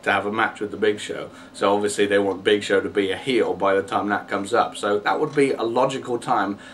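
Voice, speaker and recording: A man's voice: lowish voice, steady tone, a little fast, a bit bright, recorded from a distance, a little hiss or hum. A man ranting casually to camera, exasperated and rambling, with lots of fillers and restarts. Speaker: vlogger.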